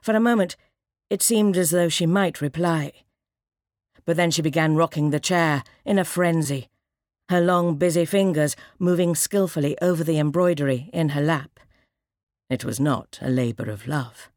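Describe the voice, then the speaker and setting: A woman narrating an audiobook in a measured, dramatic reading. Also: low-pitched, darkish tone, no room sound, studio quality.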